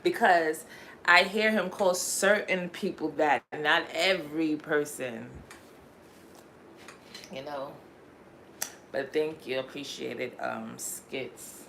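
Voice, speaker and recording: A woman's voice: sits low, creaky, a bit bright. Livestream host, woman, New York accent, just woke up; loose, rambling chat over faint background noise. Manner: rambling, chatty, drawn-out fillers.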